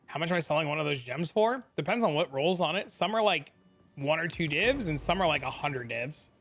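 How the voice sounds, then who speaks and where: A young man streaming a game, chatting casually, excitable and swearing freely as he reads chat aloud. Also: a little high, fairly quick, faint music behind.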